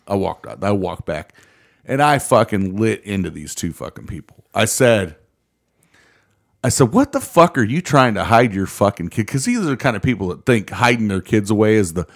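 A man in his thirties telling heated, profanity-laden stories in casual chat. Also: lowish voice.

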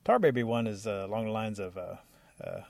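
A man telling a folk tale in a relaxed, lively way. His voice is low and gravelly. The sound is dry and close, from a studio mic. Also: brisk, dry recording. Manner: relaxed, lively narration with occasional laughs. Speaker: storyteller.

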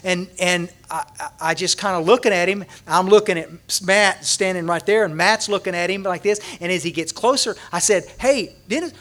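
A man, speaking at a recovery conference and animatedly acting out a story for the audience, with many restarts. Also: high voice. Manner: animated, acts out scenes, frequent restarts. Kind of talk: storytelling talk to a large audience.

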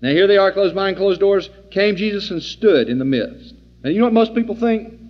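High-voiced folksy preacher in an echoing hall. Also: male voice, normal speed. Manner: folksy, animated, plays out scenes. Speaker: Bible teacher. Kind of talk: informal sermon. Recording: dull lo-fi recording in a reverberant hall.

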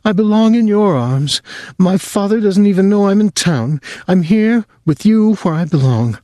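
A man's voice: lively intonation, moderate pace, dark tone, no echo, clean studio sound. A man putting on an obsessed young woman. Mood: intense. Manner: high, urgent, insistent.

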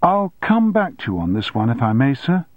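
A man's voice: mid-range voice, sing-song, normal speed, no room sound, pitched above the performer's own voice. A man voicing a teenage schoolboy who speaks politely and composedly while keeping his own counsel, in an audiobook reading. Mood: guarded. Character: teenage schoolboy, guarded and calculating. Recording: dry, phone-like narrow sound.

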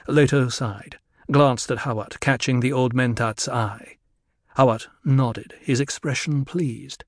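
A man giving measured, scripted audiobook narration in an even storytelling delivery. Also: medium pitch, no room sound, clean studio sound.

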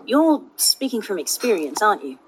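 Woman reading as a gentle young wizard man, quiet, careful, mid-pitched, faint hiss behind. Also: very animated, normal speed, lightly acted, low-quality recording.

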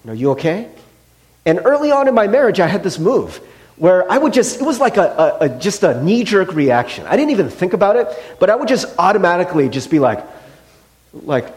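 A fairly high-voiced man in his thirties, preaching in a church. His pitch swings freely as he tells stories in a casual, self-deprecating way. He leans on fillers and restarts like someone talking to friends. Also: very animated, brisk, darkish tone. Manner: chatty, self-deprecating storytelling with many fillers. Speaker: pastor. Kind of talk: conversational sermon.

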